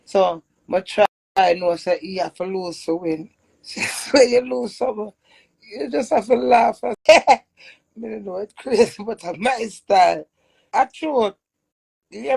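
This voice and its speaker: High-voiced Jamaican woman with gravelly edge. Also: takes it slowly, no echo. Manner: animated storytelling with frequent laughs. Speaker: live streamer. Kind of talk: casual live-stream chat.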